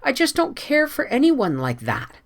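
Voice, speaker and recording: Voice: sing-song, moderate pace. A reader voicing an imaginative, emotional young woman in an audiobook, speaking in a raised, pleading way. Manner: breathless, pleading, high-strung. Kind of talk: audiobook character voice.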